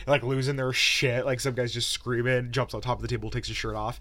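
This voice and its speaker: A man's voice: medium pitch, steady tone, quick pace, hardly any pauses, fairly bright tone, no room sound. A man hosting a solo gaming podcast, ranting heatedly and swearing a lot into a close mic. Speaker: podcast host.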